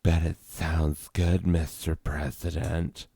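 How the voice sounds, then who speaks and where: A man voicing a sultry, teasing flirt in a heavily breathy, lisping hush. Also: extremely low pitch, flat delivery, takes it slowly, exaggerated voice.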